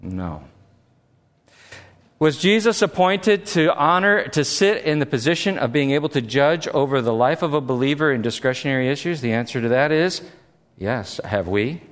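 A man preaching a sermon, telling stories and acting out quotes with lively, animated delivery. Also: mid-range voice, moderate pace. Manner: animated storytelling with acted quotes. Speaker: pastor. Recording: echoey hall.

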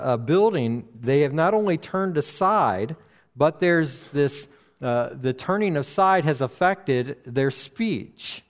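Slow, deliberate male Bible teacher. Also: a little high. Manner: slow and deliberate, with frequent fillers and restarts. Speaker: preacher.

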